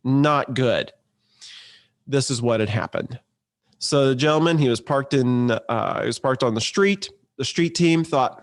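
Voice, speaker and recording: A man, an entrepreneur, telling a story in a conversational, lively way with restarts. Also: medium pitch, unhurried. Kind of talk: casual storytelling to camera.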